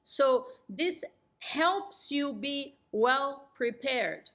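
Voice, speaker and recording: Speaking extremely slowly in a high, slightly bright voice with lively intonation, a woman teaches real estate agents a phone script. She performs each line herself, landing them with an assertive, falling delivery.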